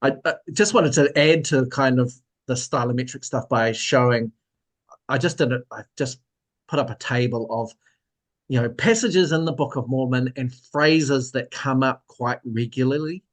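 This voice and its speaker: A man's voice: medium pitch, moderate pace. Thoughtful New man, guest author. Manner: thoughtful, trails off with fillers. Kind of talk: casual discussion.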